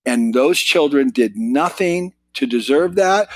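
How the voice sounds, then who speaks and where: An American man in his sixties, a podcast guest telling stories in casual chat, his voice jumping up when he gets excited. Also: unhurried. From United States. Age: 60s. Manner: animated storyteller, pitch jumps when excited. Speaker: podcast guest, business author.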